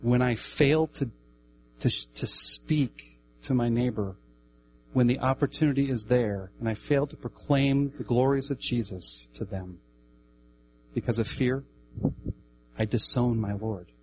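A man preaching a sermon emphatically, repeating key phrases and swinging between raised, high-pitched declarations and quiet, lower passages. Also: unhurried, pauses often, a little hiss or hum, low-quality recording.

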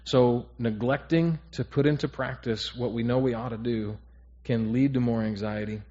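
A man's voice: medium pitch, a little mellow, lo-fi sound. Earnest man teaching a Bible study. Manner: earnest, repeats key phrases, checks in with the group. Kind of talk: sermon-style Bible teaching to a small group.

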